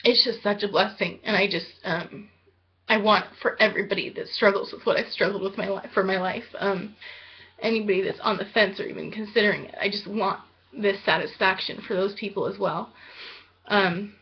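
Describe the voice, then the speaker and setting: A woman's voice: mid-range voice, fairly even intonation, moderate pace. A woman in her thirties talks casually to the camera, rambling and earnest, with plenty of ums and likes. She grows a little teary as she speaks. The home video recording sounds slightly muffled. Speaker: vlogger. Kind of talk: casual weight-loss surgery update vlog.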